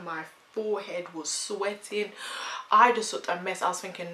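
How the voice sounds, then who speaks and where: A woman's voice: on the low side, fairly even intonation, moderate pace, bright, forceful tone. Chatty woman telling a story. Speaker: vlogger. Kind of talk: storytime vlog. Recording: echoey room, faint hum.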